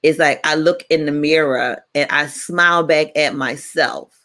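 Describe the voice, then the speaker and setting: A woman in her forties, co-hosting a radio talk show and telling stories in a playful, animated way. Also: low-pitched, a little slow. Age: 40s. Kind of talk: casual chat.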